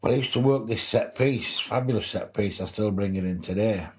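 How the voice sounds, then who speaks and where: A man's voice: lowish voice, brisk, noisy background. An older man with a Wigan accent telling anecdotes as a podcast guest, laughing through his stories. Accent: Wigan, Lancashire. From England. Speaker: guest, former rugby league player. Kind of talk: casual storytelling in interview.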